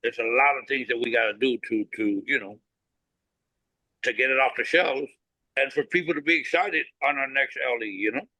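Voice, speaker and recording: A bright, forceful man tells stories in an interview with no-nonsense bluntness, acting out both sides of past conversations and swearing freely. His voice is close and dry, with no room sound at all. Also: medium pitch, normal speed, no room sound, low-quality recording. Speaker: cigar company founder, guest. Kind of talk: animated storytelling interview.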